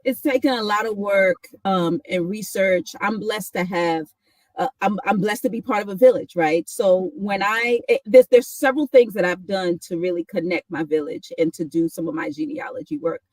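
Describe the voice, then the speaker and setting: A woman's voice: medium pitch, normal speed, darkish tone, no echo, recorded from a distance, poor audio. A woman from New York, a guest on a talk show, speaking reflectively with many restarts and "right?" asides. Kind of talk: casual conversation.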